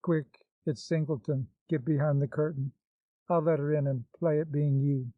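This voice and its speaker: A man's voice: fairly high pitch, fairly even intonation, normal speed, no echo, close to an everyday voice. A man reading the part of a bold, impertinent young woman with a glib, mocking manner, in a dull, dry recording. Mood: playful mocking.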